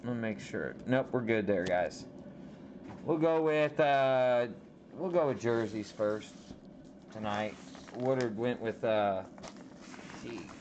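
A man hosts a casual trading-card break and talks slowly, stretching out his reactions as each pack opens. The audio is slightly dull, and a faint noise sits behind his voice. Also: mid-range voice, darkish tone. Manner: slow, drawn-out reactions while opening packs.

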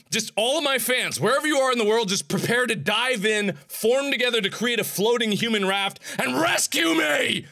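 High, bright-voiced excitable gaming host. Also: male voice. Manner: excitable, often shouting and yelping. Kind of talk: energetic gameplay commentary.

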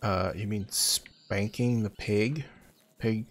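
A man's voice: fairly low pitch, steady tone, slow. A man hosting a gaming channel, giving joking, sarcastic commentary while he plays. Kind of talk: let's-play commentary.

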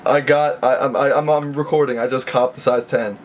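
Fairly quick and fairly even in intonation, this medium-pitched young man vlogs casually while his messy bedroom gets packed up. He rambles and stumbles, often starting over, with slight background noise present.

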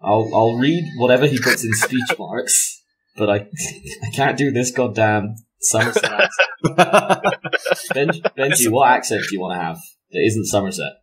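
A man's voice: mid-range voice, animated, a little slow, noisy background. A man running a tabletop game as game master, self-mocking and laughing often as he narrates.

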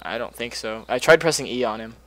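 A man's voice: medium pitch, brisk, fairly bright tone. Easygoing young man giggling through a game. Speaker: gaming co-player. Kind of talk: casual let's-play banter.

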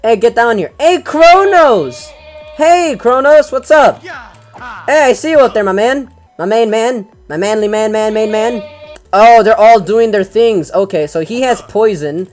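A young man giving casual let's-play commentary as a gaming channel host. He gets excitable, swears often and yells at the game. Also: sits high, moderate pace, faint music behind.

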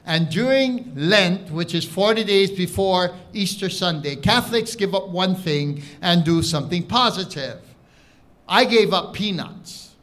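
A man with a Hawaiian Pidgin accent doing live stand-up comedy, telling an animated story with audience banter. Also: high voice, unhurried. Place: live showroom stage with audience. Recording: echoey room, crowd laughter, background noise.

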